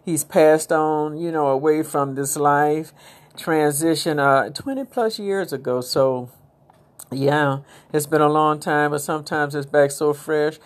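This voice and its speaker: A woman's voice: low voice, fairly even intonation, a little slow. A middle-aged woman hosting a podcast, talking in a rambling, casual, inspirational monologue with preachy asides. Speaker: podcast host.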